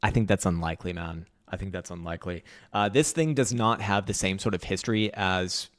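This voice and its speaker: Man, low voice, casual rambling market commentary, profane, dry close sound. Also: a little fast, fairly bright tone, dry recording. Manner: loose, profane, rambling with fillers. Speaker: market analysis streamer. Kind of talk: casual livestream chart commentary.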